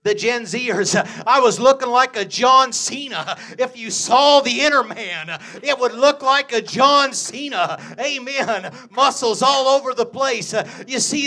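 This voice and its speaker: A middle-aged man preaching a storytelling sermon, chuckling often, saying "uh" and "amen" a lot, and swinging from low asides to loud, fervent preaching. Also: unhurried, few pauses. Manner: chuckles often between phrases, peppers speech with "uh" and "amen". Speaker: pastor.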